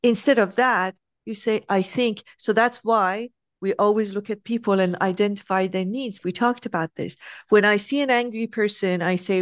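A woman's voice: mid-range voice, normal speed, dry recording, studio quality. A woman teaching a spiritual class, talking emphatically and acting out examples in different voices. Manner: animated, emphatic, acts out examples.

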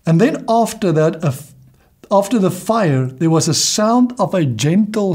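A man's voice: sits high, expressive, unhurried. A man preaching a sermon, reading scripture aloud and explaining it, with an occasional hallelujah. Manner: reads scripture aloud, warm laughs, says hallelujah.

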